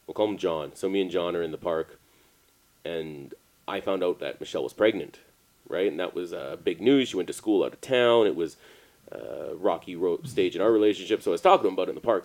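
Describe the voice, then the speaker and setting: A man's voice: sits low, darkish tone. A man from Canada co-hosting a podcast, chatting casually and cracking teasing jokes. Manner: joking, teasing interjections. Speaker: podcast co-host. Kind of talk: casual chat.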